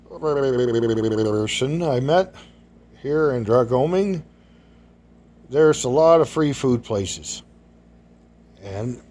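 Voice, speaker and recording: Man, folksy storyteller, rambling, casual grammar, middle pitch. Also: darkish tone.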